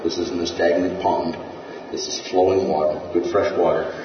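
A man's voice: deep voice, flat delivery, normal speed, background noise. A man teaching a Bible class in a conversational way, often checking in with his listeners. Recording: distant, dull echoey room.

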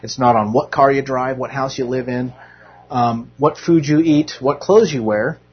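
A man's voice: mid-range voice, normal speed, slightly rough, lo-fi sound. A man giving an informal, conversational sermon to a church group, earnest with self-deprecating humor. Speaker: Bible teacher.

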